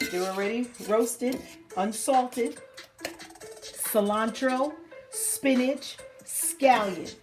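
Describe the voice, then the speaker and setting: A woman's voice: fairly high pitch, drawn-out words. A woman hosting a casual cooking demonstration, chatty and playful with cheerful exclamations as she cooks. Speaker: cooking show host. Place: kitchen at a hot stove. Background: sizzling pan and music.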